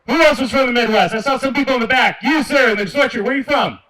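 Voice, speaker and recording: A man's voice: extremely high pitch, quick pace, bright, forceful tone. A man from Michigan doing a stand-up comedy set on an outdoor park stage, talking sarcastically and ribbing the crowd. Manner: sarcastic, addresses the crowd directly. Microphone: handheld stage mic. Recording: distant mic with faint noise.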